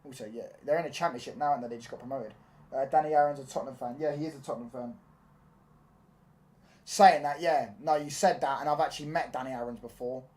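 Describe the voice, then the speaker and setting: A young man chatting casually on a football live stream, animated and full of slang. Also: medium pitch, fast talker. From London. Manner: animated, slangy, repeats "do you get what I'm saying".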